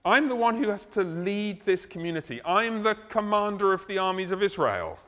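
A preacher doing a brash army commander in a hall. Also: male voice, high-pitched, animated, moderate pace, a bit bright. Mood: self-important. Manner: blunt, casual, demanding. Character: adult male army commander, brash and self-assured. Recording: long hall reverb.

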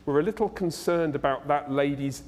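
A man's voice: a little high, normal speed, a little mellow, close to an everyday voice. A preacher playing a prim male churchgoer who voices polite, hesitant worries. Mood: fretful. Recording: echoey hall.

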